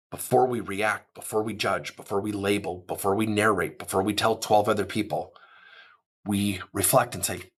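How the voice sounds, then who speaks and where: Husky, lively male corporate speaker. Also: on the low side. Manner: animated, acts out quoted dialogue. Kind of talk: motivational talk.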